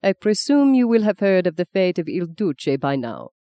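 Stern, formal general, read by an audiobook narrator, mellow and dry. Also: mid-range voice, sing-song, smooth, dry recording. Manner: formal, measured.

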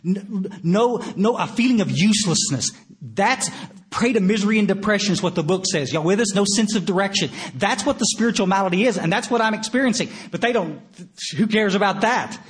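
A man's voice: high-pitched, lively intonation, a little fast. An older man, possibly from Texas, giving a recovery meeting talk as a blunt, folksy storyteller who stammers through restarts and swears now and then. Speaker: recovery speaker.

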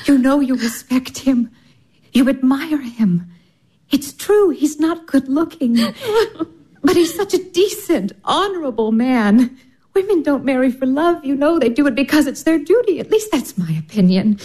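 An actress playing a gentle, motherly elder sister who soothes and advises in a tender voice. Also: sits high, expressive, measured pace. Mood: advising. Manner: soothing, tender, softly persuasive. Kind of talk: stage drama acting.

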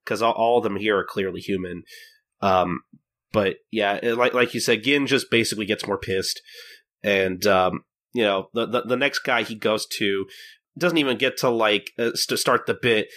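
Male podcast host, casual and halting, bright tone. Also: on the low side. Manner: hesitant, many fillers and restarts. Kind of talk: casual chat recapping manga.

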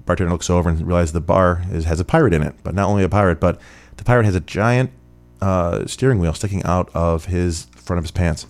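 Give me a deep-voiced man from Rochester, New York, hosting a casual podcast Q&A, chatty and rambling. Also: brisk. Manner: rambling, chatty, many fillers. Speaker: podcast host. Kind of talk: casual listener Q&A.

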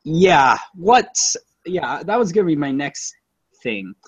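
A man's voice: on the high side, very animated, slow, husky, no room sound, highs cut off. A man co-hosting a casual movie-review chat, rambling and profane, with lots of fillers and self-corrections. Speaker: podcast co-host reviewing a movie.

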